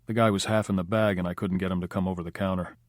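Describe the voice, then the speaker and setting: A laid-back, cocky hustler played by a man reading a crime novel aloud talks in a calm, dry, sardonic way. The voice is deep and sounds close and dry. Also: racing, no room sound, close to an everyday voice. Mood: cool. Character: cool, unflappable male Hollywood operator.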